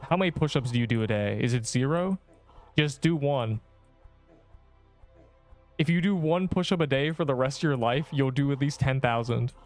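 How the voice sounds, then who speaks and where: A man's voice: mid-range voice, moderate pace, pauses often. Joking male streamer over faint music. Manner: joking, rambling, teasing viewers in chat. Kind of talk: casual gameplay livestream chat.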